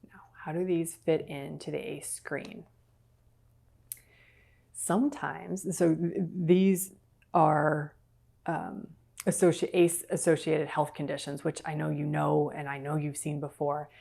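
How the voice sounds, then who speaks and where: A woman's voice: deep voice, flat delivery, slow pace, gravelly, dark tone. A middle-aged woman lecturing on a clinical skill, explaining step by step and acting out sample patient and clinician lines. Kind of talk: recorded virtual lecture.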